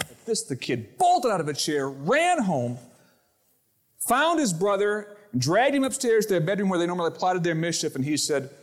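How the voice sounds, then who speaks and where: A man preaching a sermon to his congregation, lively, acting out the voices in his quotes and stories. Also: high-pitched, normal speed. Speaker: pastor. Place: church sanctuary.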